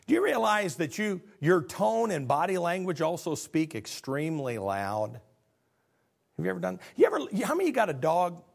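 A man preaching a sermon, earnest and animated, asking the congregation questions. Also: fairly high pitch, vocal fry, husky.

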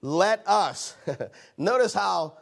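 Male preacher, high gravelly voice, animated sermon delivery with repeated phrases. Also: drawn-out words.

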